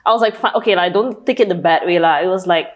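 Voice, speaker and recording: A woman's voice: lowish voice, quick pace. A young woman with a Malaysian English accent, co-hosting a casual podcast and speaking candidly and reflectively. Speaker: podcast co-host.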